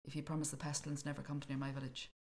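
A woman's voice: deep voice, completely flat delivery, rapid-fire, darkish tone. A woman voicing a frightened village man from a folktale, speaking in a put-on folktale accent. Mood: earnest.

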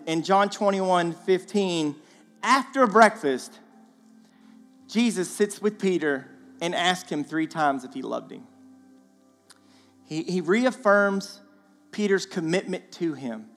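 A man giving a guest sermon in a church, animated and conversational with playful asides. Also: high-pitched, slow, long pauses. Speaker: guest speaker. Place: church sanctuary. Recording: long church hall reverb, faint music.

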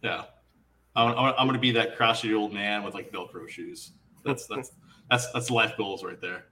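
A man co-hosting a casual podcast chat, talking haltingly and repeating words. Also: on the low side, steady tone, bright, forceful tone, distant mic, slight background noise. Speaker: podcast co-host.

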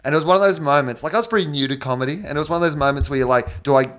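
A man's voice: fairly high pitch, very fast. A man with an Australian accent, a guest comedian telling stories in casual podcast chat, laughing often as he talks. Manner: animated storytelling, laughs often.

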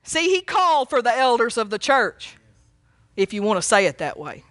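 A woman preaching a sermon, folksy and fervent, breaking into loud cries when she quotes a plea for mercy. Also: a little high, sing-song, moderate pace, no echo, clean studio sound. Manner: fervent, folksy, exclaims praise often; rises to shouting when quoting cries for mercy.

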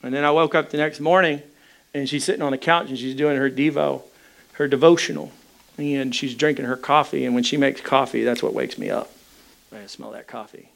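A pastor preaching a sermon, telling a personal story in a candid, conversational way. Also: male voice, mid-range voice, steady tone, fairly quick, gravelly, fairly bright tone.

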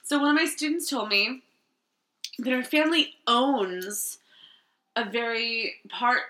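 A woman's voice: fairly high pitch, unhurried, pushed and bright, echoey room. A young adult woman, a teacher and podcast co-host, chatting casually and a little tipsy, giggling and rambling with plenty of fillers. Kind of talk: casual chat.

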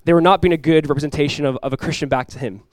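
A young man preaching a sermon as a pastor, telling stories in a casual, animated way with many asides. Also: fairly high pitch, racing, no echo.

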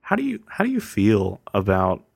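A man hosting a podcast, asking questions in a relaxed, conversational way. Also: on the low side, moderate pace, vocal fry, no room sound, clean studio sound. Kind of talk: casual conversation.

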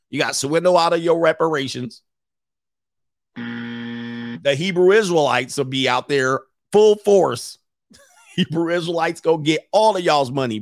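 Casting: male host, casual stream commentary, joking and animated, dry close mic. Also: fairly high pitch, dry recording. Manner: joking, animated riffing with laughs. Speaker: show host reading chat.

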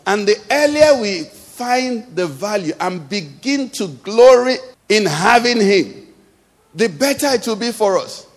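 Animated preacher in an echoing hall. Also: male voice, sits high, unhurried. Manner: emphatic, call-and-response questions to the congregation. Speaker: pastor. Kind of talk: sermon. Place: church hall.

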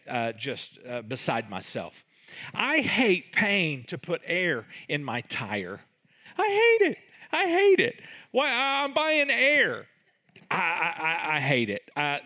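A middle-aged man preaching a sermon, animated and self-mocking, with sudden loud outbursts. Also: a little high. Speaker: pastor.

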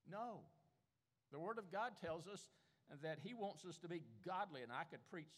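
A man's voice: on the high side, very animated, moderate pace, a bit bright. An older man preaching a sermon as pastor, emphatic and insistent, repeating key words to drive them home. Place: church sanctuary. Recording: echoey church hall.

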